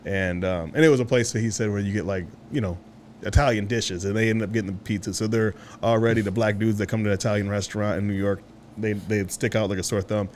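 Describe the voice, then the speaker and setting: A man co-hosting a podcast in casual chat, an animated storyteller who swears freely and acts out the voices of people he quotes. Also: lowish voice, quick pace, slight background noise. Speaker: podcast co-host.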